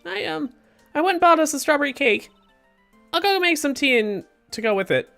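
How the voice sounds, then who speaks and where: A woman's voice: big pitch swings, brisk, creaky, fairly bright tone, soft background music, heavily acted. A woman voicing a timid, polite little girl who stammers, reading game dialogue aloud. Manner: stammering, high and earnest.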